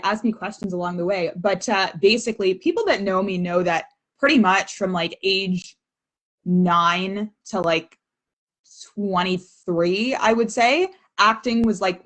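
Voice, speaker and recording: A woman's voice: mid-range voice, a bit bright. Chatty woman in her thirties. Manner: chatty, reflective, laughs often. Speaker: guest, former child actor. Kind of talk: casual video-call chat. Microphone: video call.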